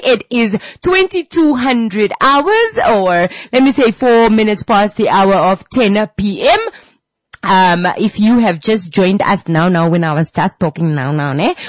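A playful woman hosting a late-night radio talk show. She chats freely, repeats words for flair and addresses listeners as ladies and gentlemen. Her voice is close to a studio mic, dry and clear. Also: fairly high pitch, dry recording. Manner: playful and chatty, breaks into sung vocal riffs and sound effects. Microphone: studio microphone.

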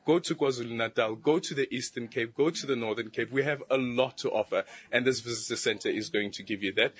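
A man's voice: mid-range voice, fast talker, husky, no room sound. A man, a government official, answering a news interviewer about tourism in an upbeat, promotional way. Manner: upbeat, promotional, fluent with fillers.

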